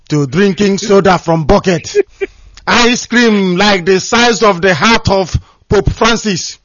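Fired-up radio host guy, kinda high voice, dull dry lo-fi sound. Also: fairly bright tone, no echo. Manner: impassioned, repetitive emphasis. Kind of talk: call-in radio address.

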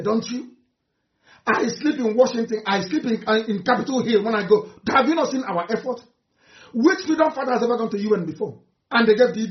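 A man with a Nigerian accent giving an impassioned speech, fiery and mocking, swinging from shouts to low mutters. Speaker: activist leader addressing supporters. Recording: roomy, dull lo-fi recording.

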